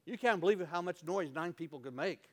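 A man preaching a sermon as pastor, telling stories and swinging from loud to quiet. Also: high-pitched, fairly quick.

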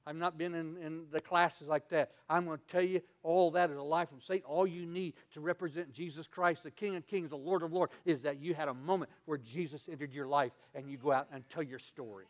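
A man preaching a sermon as pastor, telling stories and swinging from loud to quiet. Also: a little high, a little fast, few pauses.

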